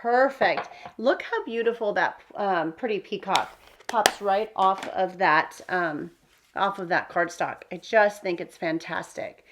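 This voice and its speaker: A woman's voice: medium pitch, measured pace, background noise. A woman hosting a card-making tutorial, chatting casually and thinking aloud with fillers as she works. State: hiccups. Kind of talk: casual crafting demonstration.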